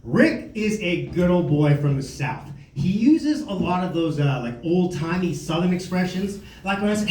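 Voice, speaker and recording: A man doing a stand-up comedy set on a club stage, animated and slipping into silly voices for the people in his stories. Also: sits high, moderate pace, hardly any pauses, slight background noise. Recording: roomy club sound from a distance.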